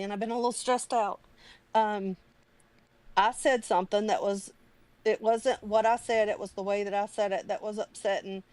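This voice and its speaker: A woman in a casual live-stream chat, talking earnestly and rambling a little. She sounds close to tears, her voice sitting at a middle pitch. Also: a little mellow. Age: adult parent. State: near tears.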